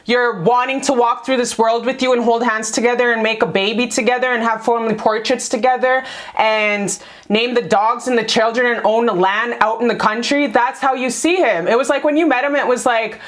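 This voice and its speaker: A woman's voice: fairly high pitch, steady tone, fairly quick. A woman giving a casual tarot reading to camera, slangy and profane, calling viewers baby and sis. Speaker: tarot card reader.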